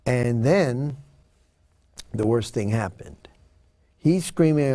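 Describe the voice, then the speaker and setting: A man's voice: mid-range voice, lively intonation, slow, mellow, no room sound. A man telling a personal story in an interview, earnest and dramatic, acting out what people said. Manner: earnest, dramatic retelling with acted-out quotes. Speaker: guest.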